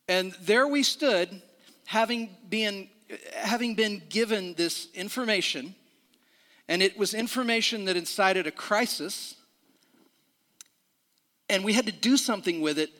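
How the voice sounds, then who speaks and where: A man's voice: sits high, fairly bright tone, big-room sound. A middle-aged man preaching a sermon in a church, talking conversationally with restarts and questions to the room. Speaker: pastor. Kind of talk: sermon with a personal story.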